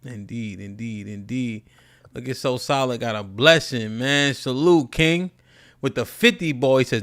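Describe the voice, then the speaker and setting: A man hosting a live-stream talk show, chatting casually with loud, profane energy and reading out viewer donations. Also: medium pitch, a little slow. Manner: animated, profane, reads out super chats. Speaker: podcast host.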